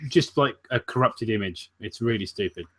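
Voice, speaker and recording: A man's voice: fairly low pitch, moderate pace, sharp tone. A man co-hosting a livestream, making dry, sarcastic jokes. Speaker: co-host. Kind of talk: casual banter on a livestream.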